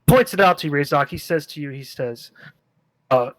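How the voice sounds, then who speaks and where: A man narrating a tabletop game as game master, in a relaxed, rambling way with many fillers. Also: fairly high pitch, moderate pace, no room sound, poor audio.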